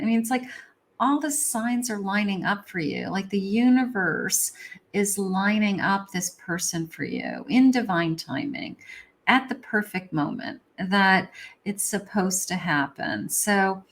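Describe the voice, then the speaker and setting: A woman psychic giving a casual, encouraging tarot reading, with frequent ums. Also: medium pitch.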